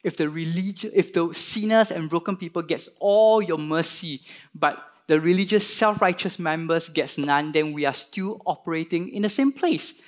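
Man preaching, fairly high voice, animated, plays the characters in the story. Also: normal speed. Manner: animated, voices the parable's characters with rising emphasis. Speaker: pastor. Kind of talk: sermon.

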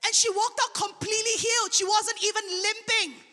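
A woman preaching a sermon, telling a testimony in an animated way. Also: very high-pitched, a little fast. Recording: long hall reverb.

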